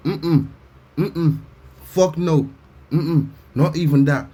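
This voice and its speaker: A man giving a loud, blunt comic reaction rant, swearing and mocking as he talks. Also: on the high side, slow pace, husky. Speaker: reaction commentator. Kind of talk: profane comedic reaction rant.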